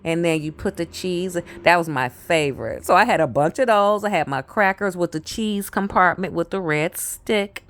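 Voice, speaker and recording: Animated woman telling a personal story. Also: lowish voice, normal speed, few pauses. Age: adult. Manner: animated, conversational, repeats phrases for effect.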